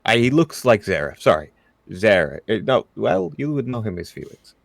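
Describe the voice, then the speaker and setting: A man's voice: on the low side, big pitch swings, normal speed, gravelly, no room sound. A man playing a tabletop role-playing game, talking in character with hesitant, playful phrasing. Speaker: player. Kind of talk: casual tabletop game chat.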